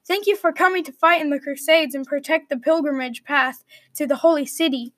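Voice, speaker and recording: A woman's voice: high-pitched, brisk, a bit bright, no room sound. A woman reading the part of a kindly, welcoming male priest.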